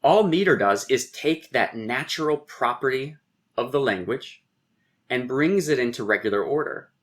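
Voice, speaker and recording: A man's voice: mid-range voice, fairly bright tone. A man, a poet and guest, reflectively explaining verse and tapping out rhythms aloud. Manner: lecturing, taps out rhythms aloud.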